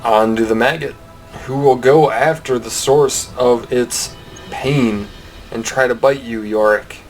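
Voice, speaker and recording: A man's voice: mid-range voice, unhurried, soft background music, poor audio. Laid-back male game master. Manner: relaxed, laughs often while describing action. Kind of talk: narrating a tabletop game.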